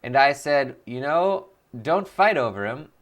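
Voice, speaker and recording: A man voicing a rambling, pompous old male elf lord in a slow, boastful comic voice, improvised during a game stream. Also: mid-range voice, lively intonation, a bit bright.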